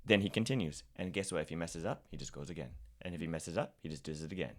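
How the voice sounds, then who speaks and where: A man's voice: deep voice, lively intonation, quick pace. A man, a podcast guest, talking casually and at length, often restarting and repeating words. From California's Central Valley. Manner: talkative, frequent restarts and repeats. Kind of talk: casual conversation.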